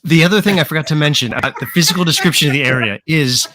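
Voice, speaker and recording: A man's voice: fairly high pitch, very fast, pushed and bright. A man running a tabletop game as game master, describing scenes in a rambling way full of "sort of" and "kind of".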